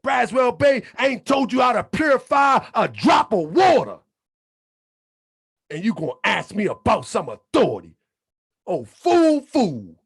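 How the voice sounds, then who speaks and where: A man hosting his channel, preaching in a fiery monologue with shouted, repeated lines and colloquial talk, a little under the weather. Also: very high voice, big pitch swings, measured pace, vocal fry, husky. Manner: colloquial, drops into muttered asides. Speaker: channel host.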